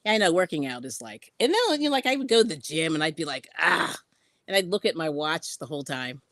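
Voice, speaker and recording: A woman's voice: low-pitched, sing-song, fast talker, a bit bright, no room sound, studio quality. A woman hosting a casual craft live stream, chatting and laughing often as she reads out viewer comments while sewing in yarn ends.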